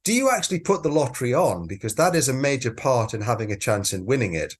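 A man's voice: mid-range voice, big pitch swings, fast talker, husky. A man co-hosting a podcast in casual, playful chat, rambling with many restarts, just over an illness. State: recovering from illness. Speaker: podcast co-host.

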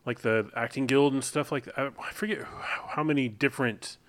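A man's voice: medium pitch, a little fast. A man in his thirties co-hosting a podcast, rambling and swearing in casual chat, laughing often. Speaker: podcast co-host.

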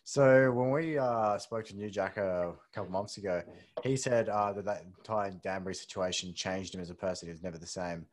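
A male podcast host puts a question to his guest in a measured, relaxed way. His voice is on the low side. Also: slight background noise. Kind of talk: interview questions.

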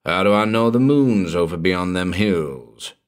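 A man's voice: deep voice, lively intonation, a little slow, clear, resonant tone. A man doing a superstitious old backwoods hermit. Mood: ominous drawl.

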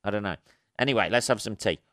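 A man's voice: on the low side, quick pace, a bit bright, dry recording, clean studio sound. A man hosting a solo comedy podcast. He rambles through sweary, wry asides with plenty of ums. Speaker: podcast host. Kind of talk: solo comic podcast monologue.

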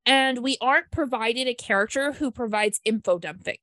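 Brief: chatty, upbeat woman host, somewhat high voice, dead-dry close mic. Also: normal speed, a bit bright, dry recording. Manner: enthusiastic, chatty, many fillers. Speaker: book club podcast host. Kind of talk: casual book discussion.

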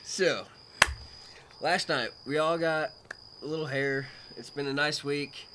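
A man's voice: a little high, slow, very noisy. A man telling a story in casual chat outdoors at night, laid-back and laughing as he goes. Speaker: podcast guest. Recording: faint outdoor night ambience with crickets.

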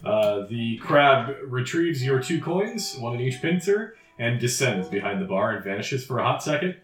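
A man narrating as game master in a casual, halting way, with fillers and frequent chuckles. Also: mid-range voice, animated, distant mic. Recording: roomy audio from off the mic.

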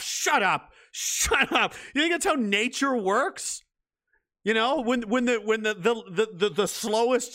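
A man's voice: high voice, a bit bright. A man delivering a blunt, profane, combative monologue rant, often restarting and repeating words. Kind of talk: ranting monologue.

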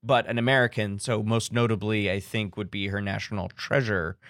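A man's voice: fairly low pitch, flat delivery, a little fast, fairly bright tone, no echo, studio quality. A man co-hosting a podcast, chatting casually about a movie, rambling with frequent restarts. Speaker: podcast co-host.

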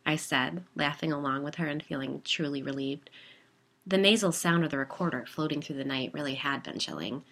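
A woman narrating a first-person story in a calm, measured way. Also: sits low.

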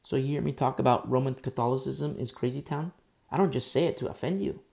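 A man delivers a sermon with a gravelly edge to his voice. He preaches bluntly and emphatically, breaking into conversational asides. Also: medium pitch, fast, darkish tone. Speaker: pastor.

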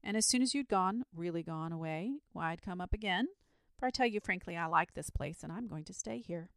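A courteous, self-satisfied storybook dragon who would rather chat than fight, as a woman reading aloud puts him on. The voice is low-pitched and gravelly, with prim, old-fashioned politeness and a touch of fussiness. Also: animated, a little fast, dry recording, studio quality. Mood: confident. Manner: genteel, self-assured, mildly fussy. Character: polite, fussy, lazy male dragon.

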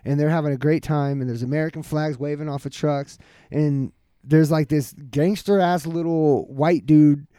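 A man in his thirties telling a story in casual chat, animated and heavy with profanity. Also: on the high side, normal speed, smooth, dry recording.

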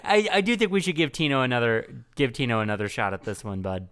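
A man's voice: on the high side, brisk, few pauses, a bit bright, clear, resonant tone. A young man hosting a casual comedy podcast, joking and self-mocking and often laughing. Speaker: podcast host.

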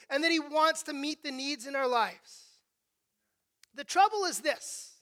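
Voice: high voice, sharp tone. A preacher delivering a sermon emphatically, often checking in with a rhetorical "right?" and restarting sentences.

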